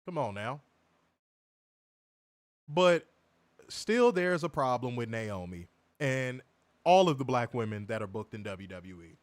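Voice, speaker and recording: A man's voice: mid-range voice, lively intonation, measured pace, pauses often, dry recording. A man hosting a wrestling review podcast, ranting and mocking in profane comedic commentary, laughing often.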